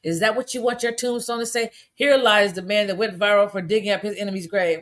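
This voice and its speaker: A middle-aged woman giving a blunt, indignant casual commentary, preachy and plain-spoken, her voice jumping up high when exasperated. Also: fairly even intonation, a little fast, hardly any pauses. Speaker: commentary vlogger.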